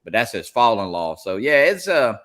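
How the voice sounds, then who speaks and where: A middle-aged man with a Louisiana accent, hosting a casual chat and talking in halting, rambling runs. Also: lowish voice, sing-song, fairly bright tone. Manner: rambling, halting with many restarts. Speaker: host.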